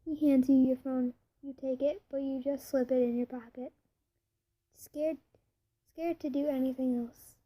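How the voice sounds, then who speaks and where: A woman narrating second-person fan fiction, reading slowly, with stumbles and self-corrections. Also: sits high, fairly even intonation, warm tone, rough recording. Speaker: reader.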